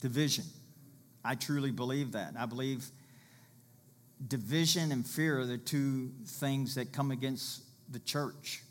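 A man's voice: medium pitch, measured pace. Male pastor, conversational sermon delivery, mid-range voice, bursts of volume. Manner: conversational preaching with illustrations, rises to loud calls.

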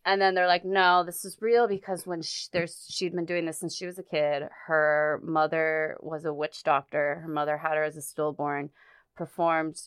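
In relaxed conversation, a guest with a low, smooth female voice recounts a personal story. Her speech is halting, full of restarts and fillers like "like" and "um," and the recording is close and dry with no room sound.

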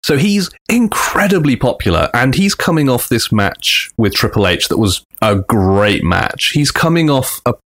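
Animated storytelling man, lively pitch. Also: normal speed, hardly any pauses. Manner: animated, acts out quotes in big voices. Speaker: podcast co-host. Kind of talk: casual storytelling.

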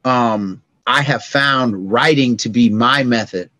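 A middle-aged man, a podcast guest, telling stories in casual conversation and acting out sounds and dialogue with lively energy. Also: medium pitch, slow pace, no room sound. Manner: animated, acts out sounds and dialogue.

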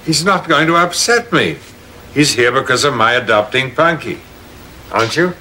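An actor in a TV show playing a man recovering in hospital who wants to adopt a girl, speaking calmly. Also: medium pitch, moderate pace, a little hiss or hum. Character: sick man in hospital, protective foster father.

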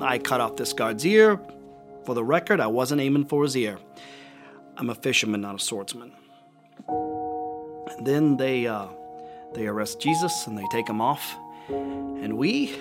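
A man's voice: medium pitch, lively intonation, a little slow, long pauses. A man playing Peter, a remorseful fisherman disciple, in an earnest, confessional first-person monologue. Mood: rueful. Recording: music underneath the voice. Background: music playing.

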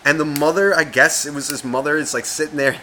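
Animated, profane man in his 30s. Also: a little high, fast, a little hiss or hum. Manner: animated, profane, acts out quoted voices. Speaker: podcast co-host. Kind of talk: casual storytelling chat.

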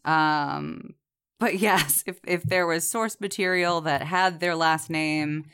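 A woman's voice: low-pitched, slow, a bit bright, clear, resonant tone. A woman co-hosting a podcast in casual chat, chatty and digressive, with many fillers and frequent laughter. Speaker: podcast co-host reviewing a TV series.

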